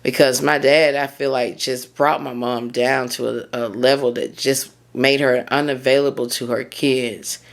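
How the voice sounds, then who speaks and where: A woman's voice: extremely low pitch, fairly even intonation, unhurried, vocal fry, few pauses. A woman, hosting a solo podcast and talking candidly and heartfelt, often drifting off track. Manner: candid, heartfelt, rambling and prone to losing her thread. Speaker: podcast host and mindset coach.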